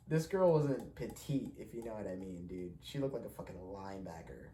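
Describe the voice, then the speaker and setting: A man's voice: on the low side, animated, moderate pace, few pauses, warm tone. A young man hosting a podcast, telling a rambling, profane story with frequent laughs. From Mexican heritage. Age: young adult. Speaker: podcast host. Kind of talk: casual storytelling. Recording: echoey room with faint ambience.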